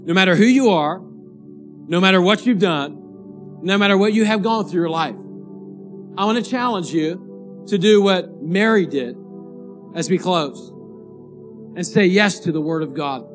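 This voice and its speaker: A man, a pastor, preaching a sermon and telling a story in a lively, animated way. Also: high-pitched, moderate pace, long pauses, soft background music. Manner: animated storyteller, rising to excited shouting at the climax.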